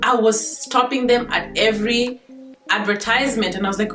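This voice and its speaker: A woman's voice: fairly high pitch, a little fast, a bit bright, echoey room, soft background music. A Kenyan woman in her thirties, chatting casually to camera as a vlogger, laughing between points.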